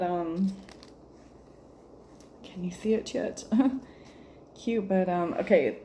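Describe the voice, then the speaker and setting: A woman talks straight to camera in a casual vlog review, sounding mock-exasperated and breaking into laughs. Her voice is fairly low and mellow, with faint noise behind her. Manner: exasperated, joking, laughs often, talks to viewers as y'all. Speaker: jewelry subscription reviewer.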